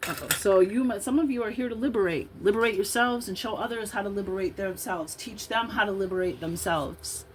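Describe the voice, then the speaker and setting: A little fast and with few pauses, a mid-range-voiced woman in her fifties from Illinois reads tarot cards aloud, rambling in casual asides between them. Poor audio adds a bit of hiss or hum.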